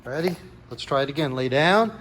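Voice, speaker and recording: A man's voice: on the high side, animated, a little fast, fairly bright tone, a little hiss or hum. A man coaching a kids' jiu-jitsu class, calling out counts and encouraging a young helper. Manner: upbeat, encouraging, calls out counts.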